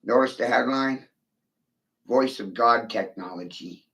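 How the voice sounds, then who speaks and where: A man's voice: medium pitch, a little slow, pushed and bright. A man giving an angry, profane monologue, swearing often and taunting his silent listeners.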